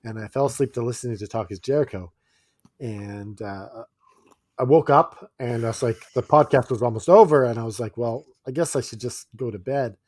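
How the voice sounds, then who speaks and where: A man's voice: medium pitch, normal speed, no room sound. Laughing male podcast co-host, dry mic. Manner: animated, laughs often, acts out quoted lines. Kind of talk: casual chat.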